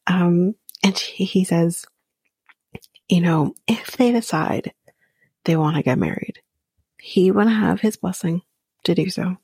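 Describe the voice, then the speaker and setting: A woman softly recapping a reality dating show in a whispered ASMR style, halting with frequent ums and small laughs. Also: on the low side, breathy edge, dry recording.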